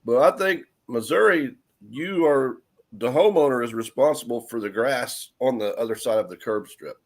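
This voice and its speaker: A man's voice: mid-range voice, moderate pace. A man in a casual conversation, explaining things in a plain, matter-of-fact way. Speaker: co-host guest. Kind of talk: casual chat.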